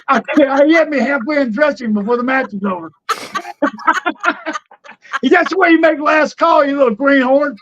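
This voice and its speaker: A man's voice: very high-pitched, normal speed, pauses often, a bit bright, highs cut off, slight background noise. An older man, a former wrestler telling road stories on a podcast, laughing often and acting out the people he quotes. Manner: laughing raconteur, acts out quotes. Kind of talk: casual storytelling.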